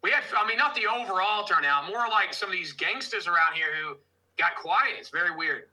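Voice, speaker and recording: A man hosting a livestream, loud and full of jokes. His voice sits high and cuts through with a sharp, bright edge. He keeps the banter rolling with his guest. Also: lively intonation, fairly quick, poor audio. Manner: loud, joking, mocking impressions. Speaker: livestream host.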